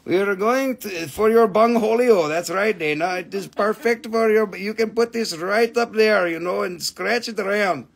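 A man's voice: sits high, normal speed, creaky, hardly any pauses. Crude, joking man selling crystals. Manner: crude joking sales patter. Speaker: live sale host. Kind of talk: live shopping stream.

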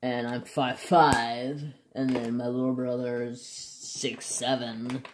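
A man's voice: mid-range voice, little pitch movement, slow, a little hiss or hum. A man chatting casually and jokingly as he swatches markers for his craft vlog. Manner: chatty, joking, self-deprecating. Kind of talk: casual chat.

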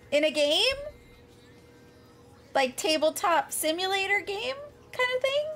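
A high-pitched woman streamer whose voice swoops up and down as she chats with her live audience. She takes her time, answering viewers between frequent bursts of laughter. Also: fairly bright tone. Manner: giggly, frequent laughter, chatty asides to chat. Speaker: streamer reading chat. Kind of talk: casual live-stream chat.

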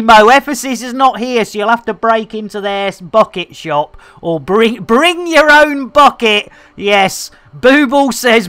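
A woman's voice: mid-range voice, no echo. A woman streamer giving cheeky, bantering live commentary into a desk microphone.

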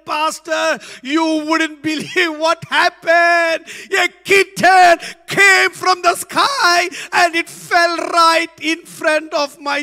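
A man putting on an excited chattering mother. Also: very high-pitched, big-room sound, voice pushed up, heavily acted. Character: excited chatty mother telling pastor a tale.

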